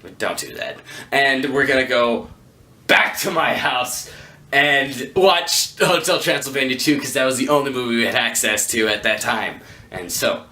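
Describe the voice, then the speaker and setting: A man vlogging a rambling storytime to camera, joking at his own expense with quick asides. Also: mid-range voice, animated, bright, forceful tone. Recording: echoey room.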